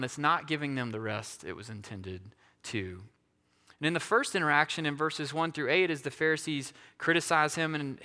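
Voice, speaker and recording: A man's voice: on the high side, pushed and bright. A male pastor giving a conversational sermon, often checking in with his listeners. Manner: conversational, self-deprecating, asks "right?" often. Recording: hall reverb.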